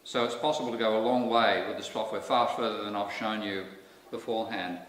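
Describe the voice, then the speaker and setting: Here an Australian man lectures the public as a guest speaker, his pitch fairly low, intonation fairly even, pace a little fast and tone fairly bright. He stays wry and candid, dropping in lots of asides. A distant mic catches the echoing hall and some faint noise.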